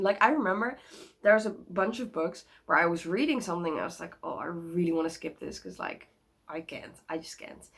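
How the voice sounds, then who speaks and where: A woman's voice: mid-range voice, poor audio. Young woman vlogger at home, bubbly and rambling, laughs often. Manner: bubbly, rambling, giggly, many likes and restarts. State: sick. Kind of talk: casual chatty vlog.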